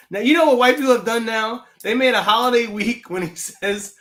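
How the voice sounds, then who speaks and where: A man's voice: extremely high pitch, moderate pace, a bit bright. A man co-hosting a film podcast, chatting casually in a laid-back, rambling way and laughing often. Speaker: podcast co-host. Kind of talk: casual chat.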